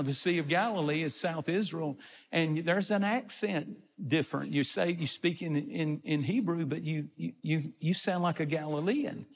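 Slow-preaching man in a reverberant hall. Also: on the high side, creaky. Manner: retells scripture and explains it in plain words. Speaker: pastor. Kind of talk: sermon.

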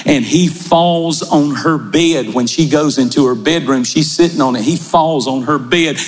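Man, pastor, sermon, slow, shouted builds, large church, long echo, faint music. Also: on the high side. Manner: preaching with shouted builds and slow dramatic pauses.

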